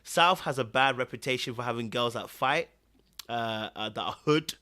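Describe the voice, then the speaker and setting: A man's voice: mid-range voice, moderate pace, bright, forceful tone. A man with a South London accent co-hosting a casual podcast panel, playful and repeating catchphrases. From London, England. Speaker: podcast co-host.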